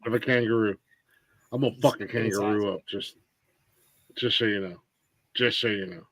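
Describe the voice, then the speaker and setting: A man's voice: fairly low pitch, fairly even intonation, normal speed, a bit bright, no room sound, poor audio. A man hosting a live comedy podcast, teasing and swearing freely in casual chat. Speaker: podcast host.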